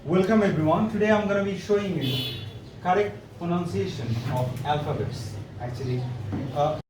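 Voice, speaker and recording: A man from Bangladesh teaching English pronunciation in a classroom, saying words slowly one at a time and repeating them. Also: sits high. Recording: echoey classroom, distant mic, noisy.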